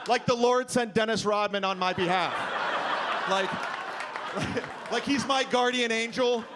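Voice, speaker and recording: A man tells a long stand-up story in a deadpan manner from a club stage, his voice sitting rather high. Audience laughter and a faint hiss of noise run under him. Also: normal speed, crowd noise. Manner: deadpan storytelling with acted quotes. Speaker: stand-up comedian. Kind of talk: stand-up set.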